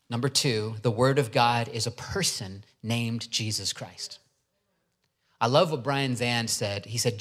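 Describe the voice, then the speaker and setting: A pastor with a medium-pitched voice preaches a sermon, beginning with a quiet prayer before earnestly teaching through a passage and posing rhetorical questions.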